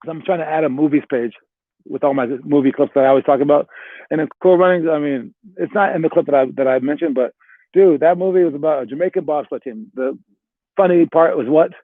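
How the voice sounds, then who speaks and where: A basketball coach talks quickly in a slightly high voice, rambling through a motivational speech packed with "all right" and "like" before walking his players through a drill. The recording is dry and tinny, like a phone, with no room sound.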